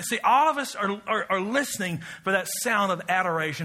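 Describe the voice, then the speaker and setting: Bright, emphatic male preacher. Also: high-pitched, expressive, a little fast, few pauses. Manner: emphatic, call-and-response with congregation. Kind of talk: sermon.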